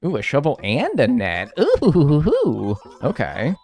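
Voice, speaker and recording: Brief: male streamer, animated, swears freely, banters with chat, lively pitch, faint game music behind. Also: slow pace, dry recording. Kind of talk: live gameplay commentary.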